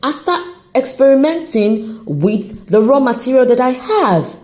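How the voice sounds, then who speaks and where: A woman hosting an unscripted motivational podcast, talking off the cuff in an encouraging, animated way, with an accent she says shifts as she goes. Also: sits high, a little slow. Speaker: podcast host.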